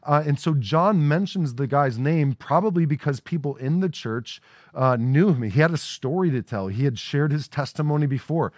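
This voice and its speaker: A man's voice: fairly high pitch, lively intonation, moderate pace, no echo, clean studio sound. A man preaching a sermon as a pastor, talking in a casual way and often checking in with "right?". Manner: conversational preaching with frequent "right?" asides. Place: church sanctuary.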